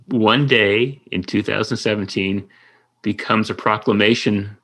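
A man's voice: on the low side, fairly even intonation, unhurried, fairly bright tone. A man hosting an interview, asking long, rambling questions that he rephrases as he goes. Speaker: interviewer, host.

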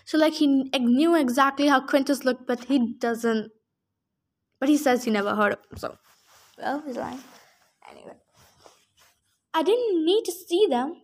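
A woman's voice: sits high, animated, normal speed. A woman reading a novel aloud in the first person, breaking off for chatty asides with fillers. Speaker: reader.

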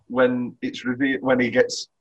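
A man's voice: medium pitch, completely flat delivery, normal speed, dull audio. A man co-hosting a casual film podcast, laughing often and acting out lines from the movie. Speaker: podcast co-host.

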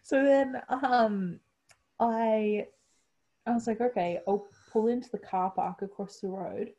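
A woman's voice: a little high, slow pace, lo-fi sound. Giggly Australian woman telling a story. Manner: animated, laughs often, acts out quotes. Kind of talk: casual storytelling chat.

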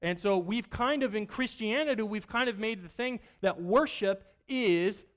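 A man's voice: high voice, moderate pace. Conversational man preaching a sermon. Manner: conversational, asks the congregation questions; swings between loud emphatic bursts and quiet asides. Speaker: pastor. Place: church.

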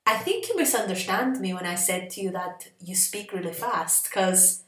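A woman's voice: medium pitch, normal speed, a bit bright, recorded from a distance, lightly acted. A woman voicing an eager, flirtatious male waiter, in an echoey room. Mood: flirty.

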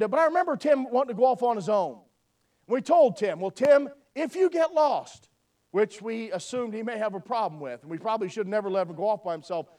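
A man's voice: sits high, a little mellow. A man preaching a sermon, telling a folksy personal story and asking for amens. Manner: folksy storytelling, asks "amen?". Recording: voice from far off the mic.

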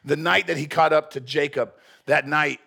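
Male pastor, blunt and joking sermon delivery, husky gravelly voice, fairly high. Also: steady tone, moderate pace, bright, forceful tone. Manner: blunt, joking, earnest preaching.

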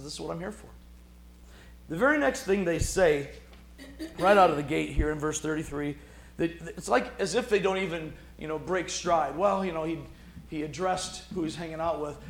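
A man's voice: a little high, vocal fry, reverberant. A man preaching a sermon in a conversational, emphatic way. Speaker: pastor.

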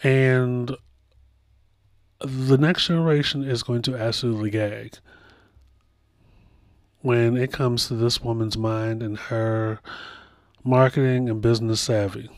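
A man hosting a casual pop culture podcast, telling stories with lively asides and playful voiced impressions. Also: mid-range voice, slow, long pauses, no echo, clean studio sound. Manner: animated storytelling with playful impressions. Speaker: podcast host.

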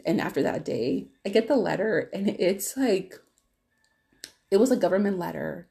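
Female podcast host, low dark voice with vocal fry, candid rambling monologue. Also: lively intonation, normal speed. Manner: candid, rambling storytelling with many restarts.

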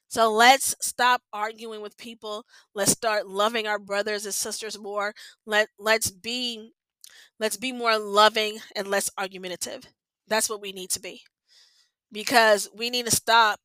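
A woman's voice: mid-range voice, sharp tone, no echo. A woman hosting a podcast, giving an earnest, emotional devotional talk about her own failings, repeating herself and close to tears. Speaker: podcast host.

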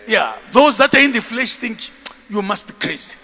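A man preaching a lively sermon as bishop, shouting and laughing, having the congregation repeat after him. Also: high-pitched, normal speed, soft background music. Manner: animated, shouting, with bursts of laughter. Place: large church hall. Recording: long reverb of a church hall.

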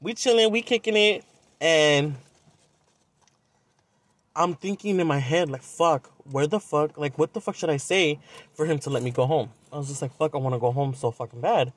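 A man's voice: on the high side, moderate pace. A young man from Southern California, telling a dating story on a podcast in a blunt, profane, casual way. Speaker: podcast host.

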